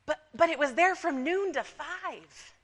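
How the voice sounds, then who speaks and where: Woman putting on a hushed, fretful gossipy church lady. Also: very high voice, animated, measured pace, pitched above the performer's own voice. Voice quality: hushed, confiding. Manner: drawling, hesitant, feigned concern. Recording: long reverb of a church sanctuary.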